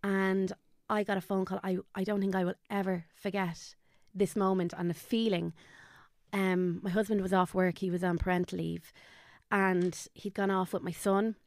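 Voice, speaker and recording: A woman's voice: mid-range voice, flat delivery, moderate pace, no echo, clean studio sound. An Irish woman in her thirties, a podcast guest telling a personal family story candidly, acting out what people said. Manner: candid, tells it with quoted dialogue.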